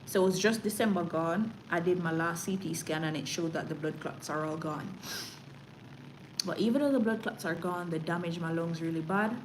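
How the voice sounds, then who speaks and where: A woman's voice: fairly low pitch, normal speed, noisy background. A woman with a Jamaican accent hosting a casual livestream, chatty and sliding into patois. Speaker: livestream news host.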